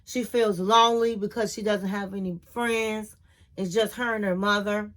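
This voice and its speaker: A woman's voice: medium pitch, fairly even intonation, moderate pace. A woman hosting a casual reality TV recap, telling the story in a sassy, slangy way.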